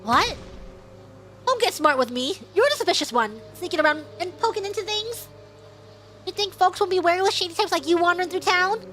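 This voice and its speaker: A woman voicing a gruff, defensive townswoman in a game who talks in short, curt, snappy lines. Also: very high voice, lively intonation, a little fast, fairly bright tone, soft background music, pitched above the performer's own voice.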